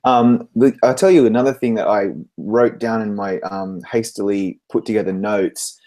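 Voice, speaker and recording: A man with a somewhat low voice shares his views on a casual panel. He is enthusiastic and talks in long, flowing stretches. He drops in the odd "um". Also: steady tone, normal speed, darkish tone. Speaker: entertainment writer on a recap panel.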